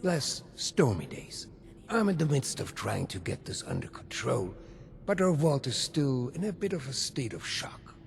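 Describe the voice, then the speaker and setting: Gravelly old German-accented ghoul overseer, silky and scheming, swings wide in pitch. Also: male voice, very animated, normal speed, hardly any pauses, slight background noise, exaggerated voice. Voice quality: gravelly, breathy half-whisper. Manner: silky, theatrical, faintly menacing. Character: old male ghoul vault overseer, smooth scheming businessman.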